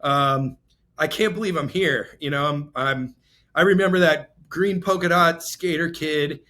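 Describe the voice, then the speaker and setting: A man's voice: a little high, fairly bright tone. Earnest, rambling man in his forties. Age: 40s. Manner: emotional, rambling and earnest, with restarts. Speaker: guest, real estate entrepreneur. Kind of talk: candid podcast interview.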